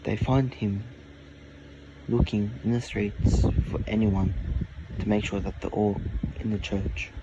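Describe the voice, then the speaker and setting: A man improvising a fantasy story, talking slowly and haltingly in short phrases. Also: lowish voice, steady tone, dull audio, very noisy.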